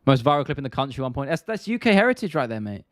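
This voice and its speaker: A man's voice: medium pitch, very animated, very fast, dry recording, studio quality. A young British man hosting a live stream, chatting casually and answering viewer questions in a laid-back, rambling, slangy way.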